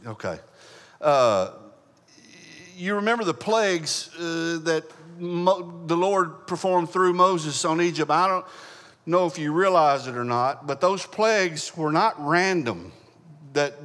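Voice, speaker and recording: A man preaching a Bible teaching sermon, halting often with fillers and restarts, clearing his throat as he goes. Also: on the high side, a bit bright. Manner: halting, many fillers and restarts, folksy asides. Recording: long hall reverb.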